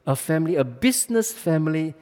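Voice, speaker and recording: A man delivers a sermon in a fairly high, mellow voice. He talks emphatically, stumbling through restarts and fillers. His voice rings with the long reverb of a large hall. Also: lively intonation, fairly quick. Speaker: preacher.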